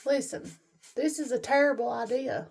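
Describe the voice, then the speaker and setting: A woman's voice: high voice, normal speed, creaky, darkish tone, husky. A woman, giving a casual, homespun, faith-based pep talk to her viewers. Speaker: vlogger. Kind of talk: casual encouraging vlog talk.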